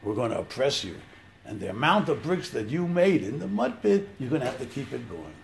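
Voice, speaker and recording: Brief: man doing a low, gravelly, cold-hearted king, blunt commands. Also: very animated, fairly quick, slight background noise. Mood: menacing. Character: scheming male king turning cruel.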